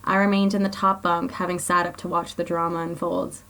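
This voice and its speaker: A woman's voice: on the low side, level tone, a little fast, a bit bright. A woman blogger reading her own personal story aloud in an earnest, confessional way.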